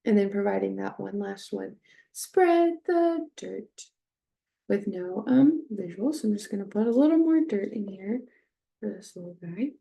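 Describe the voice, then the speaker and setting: A woman teaching a speech-therapy technique, speaking hesitantly with many fillers and slowly modeling short phrases with strong stress. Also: mid-range voice, creaky, mellow. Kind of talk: instructional demonstration.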